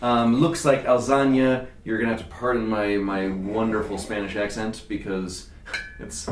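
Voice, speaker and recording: A man hosting a casual wine tasting, chatting in a lively way with frequent laughs and restarts. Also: on the low side, moderate pace, noisy background. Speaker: wine importer and show host. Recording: echoey room, from far off.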